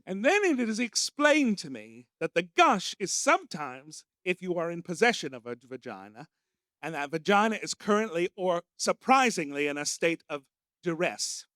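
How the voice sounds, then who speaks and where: Hosting a stand-up comedy night at a small pub with a live audience, this American man speaks in a sing-song way at normal speed with a fairly bright tone. He's camp and theatrical, launching into shrill character voices, in a studio-quality recording with no room sound.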